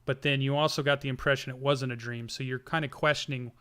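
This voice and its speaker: A man narrating a tabletop game as game master, halting often with ums and restarts. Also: mid-range voice, fairly even intonation, sharp tone, clear, resonant tone.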